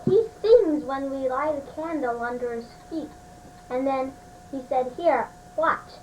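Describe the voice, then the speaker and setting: A woman with a high voice tells a joke to her family, laughing and glossing over the details as she goes. Her manner is casual and easy. A faint hum sits under the home-video sound. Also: a little slow, mellow, low-quality recording. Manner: laughing, offhand storytelling. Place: family home at a holiday party. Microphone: home camcorder.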